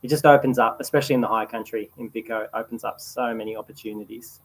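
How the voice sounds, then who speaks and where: An Australian man in his thirties hosting a relaxed livestream Q&A, chatting casually and reading out viewer comments. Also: on the low side, quick pace, poor audio. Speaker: host answering viewer questions. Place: outdoors by a campfire at night.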